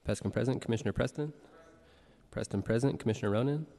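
A man serving as a meeting clerk, reading the roll and announcements in a brisk, formal way, in a large chamber. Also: mid-range voice, gravelly, warm tone. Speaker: board clerk. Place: legislative chamber in city hall. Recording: long reverb of a large chamber.

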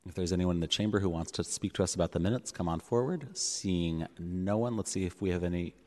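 A man chairing a public board meeting in a relaxed way, with a few fillers. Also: low voice, fast. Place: city hall chamber. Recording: long reverb of a hall.

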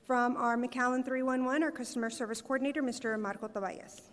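A woman's voice: a little high, fairly even intonation, fairly quick, a little hiss or hum. A woman from giving a formal welcome speech as a city communications director, upbeat and reading out names with small fillers. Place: performing arts center hall. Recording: long hall reverb.

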